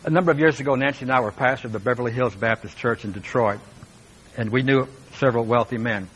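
A man's voice: medium pitch, fast talker, a bit bright, a little hiss or hum, rough recording. Earnest male pastor preaching. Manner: earnest, emphatic preaching with asides to the congregation. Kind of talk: sermon.

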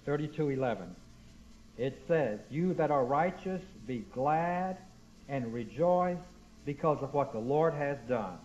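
Recorded with dull, lo-fi sound, a pastor preaches to his church congregation in a medium-pitched, darkish voice. His delivery is expressive and measured as he quotes scripture with strong emphasis and puts questions to the room.

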